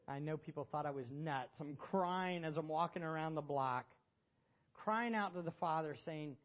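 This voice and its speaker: Middle-aged male pastor, high voice, church sermon: loud exhortation down to hushed emotion, quizzing the congregation. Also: measured pace. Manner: asks the congregation questions.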